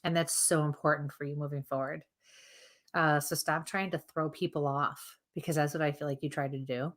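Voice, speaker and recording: A woman's voice: deep voice, steady tone, normal speed. A woman co-hosting a live show, reading spirit messages for viewers in a chatty way with frequent laughter. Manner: warm, chatty, laughs often. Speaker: psychic medium co-host.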